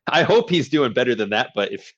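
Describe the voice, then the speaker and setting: A man's voice: medium pitch, animated, fairly quick, fairly bright tone, lo-fi sound. A man from the Boston area, a filmmaker guest on a podcast, chatting casually and laughing often. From Boston area, USA. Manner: laid-back, swears casually, laughs often. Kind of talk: casual chat.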